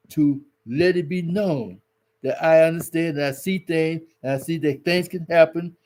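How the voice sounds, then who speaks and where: Folksy preaching man with a mellow voice. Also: fairly high pitch. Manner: folksy and exhorting, repeats words for emphasis. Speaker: relationship advice host. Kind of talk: preachy religious advice talk.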